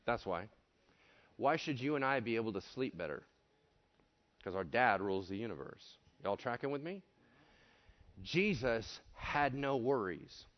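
A man preaching a sermon in an animated way, acting out voices and swinging between hushed and shouted lines. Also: mid-range voice, measured pace, long pauses, highs cut off. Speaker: pastor.

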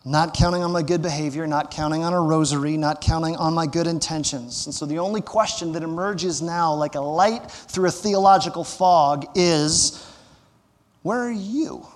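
A pastor with a high voice preaching a sermon. He talks to the congregation like a conversation, poses rhetorical questions and slips in small jokes. His voice rings through the long reverb of a large church hall. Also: moderate pace. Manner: light humor.

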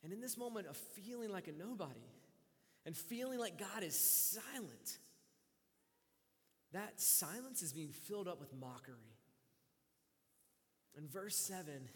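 A man preaching a sermon with passion, voicing a psalmist's pleas, moving between quiet, drawn-out lines and loud, urgent ones. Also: sits high, lively intonation, in a large hall. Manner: impassioned, swings from hushed to loud. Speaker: pastor.

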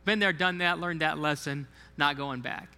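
A man's voice: a little high, normal speed, pushed and bright, clean tone, in a large hall. A man preaching a sermon as a pastor, talking in a conversational way, often repeating himself and putting questions to the congregation. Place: church sanctuary.

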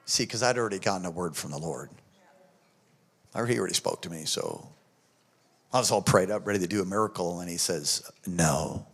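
A middle-aged male pastor preaching a sermon, telling stories emphatically and swinging from hushed tones to shouts. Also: low voice, a little fast, vocal fry, pauses often, breathy edge. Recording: long hall reverb.

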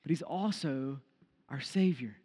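A man preaching an earnest devotional sermon who slows down to stress key phrases. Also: mid-range voice, dark tone, husky. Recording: long reverb tail.

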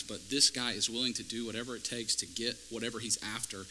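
Male pastor, sermon delivery, piercingly bright tone, chatty to fiery, faint hum under it. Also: mid-range voice, rough recording. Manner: conversational, building to fervent emphasis. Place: church.

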